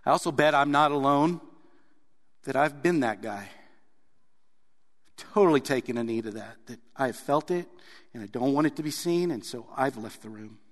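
A man preaching a sermon in an earnest way, sometimes pressing hard on a point and then dropping soft. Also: medium pitch, expressive, moderate pace, pauses often, long reverb tail. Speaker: pastor.

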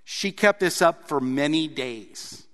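A pastor preaches to his congregation, a man with a slightly high voice. He reads scripture aloud, then stresses its key words with animated emphasis. His voice carries a long reverb from the large sanctuary. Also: slow. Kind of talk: sermon.

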